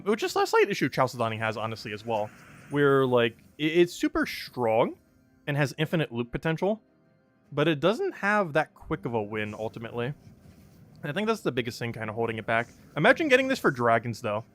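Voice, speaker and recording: Lively chatty young man streaming a game. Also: mid-range voice, a little fast, soft background music. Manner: chatty, laughs often, many fillers. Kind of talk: casual live-stream commentary.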